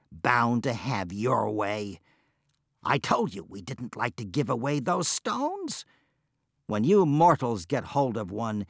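A man's voice: lowish voice, no echo, exaggerated voice. Storybook dwarf, curt and lecturing, as a man reads it; dry sound. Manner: snapping, lecturing, measured. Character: curt, snappish red-headed dwarf, scolding mortals.

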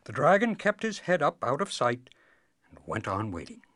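A man reading a fairy tale aloud in a slow, expressive way. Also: medium pitch, dry recording. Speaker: storyteller. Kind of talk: storybook read-aloud.

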